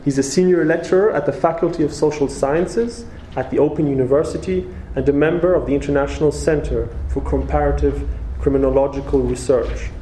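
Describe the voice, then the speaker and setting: A man's voice: a little high, fairly even intonation, a little fast, mellow, a little hiss or hum. Hesitant man introducing a speaker. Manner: hesitant, frequent fillers. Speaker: event host introducing speaker. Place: lecture room. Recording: roomy hall with faint ambience.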